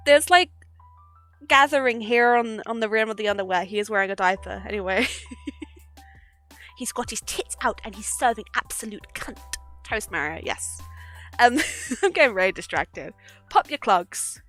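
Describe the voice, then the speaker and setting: A woman's voice: fairly high pitch, expressive, moderate pace, pauses often, fairly bright tone. A young woman streaming live, chatting casually and giggling often between sweary asides. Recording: faint background music.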